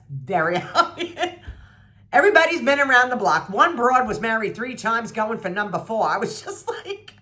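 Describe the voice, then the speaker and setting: A woman in her sixties venting to her viewers about a TV show, blunt, sarcastic and salty, mimicking people and jumping up in disbelief. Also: a bit bright. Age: 60s. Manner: blunt and salty, mocking voices, swings pitch up in disbelief. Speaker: vlogger reviewing a TV show. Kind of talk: animated, sarcastic rant to camera.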